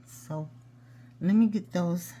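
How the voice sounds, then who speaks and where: A woman hosts a hands-on jewelry-making tutorial, her fairly low voice slow and warm. She chats casually and talks to herself as she works.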